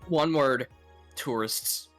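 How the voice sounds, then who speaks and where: A man's voice: mid-range voice, slow, fairly bright tone, faint music behind. A man chatting casually as a co-player on a game stream, laid-back and easily amused.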